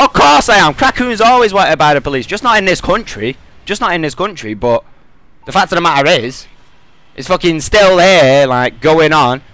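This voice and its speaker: A man's voice: fairly high pitch, pushed and bright, no room sound. Angry, profane young British man. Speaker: gaming commentator. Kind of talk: game commentary rant.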